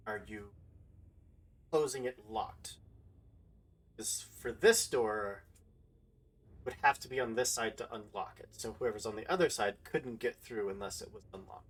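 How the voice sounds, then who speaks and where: A man with a fairly low voice narrates a tabletop horror game as its game master. He speaks hesitantly, full of fillers, and sounds a little distant from the microphone. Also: unhurried, long pauses.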